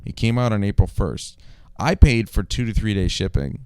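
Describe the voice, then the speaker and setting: A man's voice: lowish voice, expressive, moderate pace, noisy background. A man co-hosting a podcast in casual gaming chat, telling stories and complaining wryly, with laughter, recorded in person. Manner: storytelling with wry complaints and laughter. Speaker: podcast co-host.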